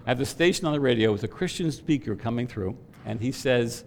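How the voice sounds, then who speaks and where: A man preaching a sermon, swelling to loud emphatic peaks and dropping to quiet asides. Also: medium pitch, lively intonation, fairly quick, gravelly, few pauses, slight background noise. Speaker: pastor.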